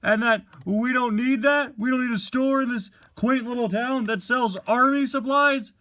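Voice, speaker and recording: A man's voice: steady tone, moderate pace, sharp tone. A man voicing a preachy, peace-loving male hippie van in a toy-car play story, lecturing in a raised voice. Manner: high, preachy, sing-song lecturing.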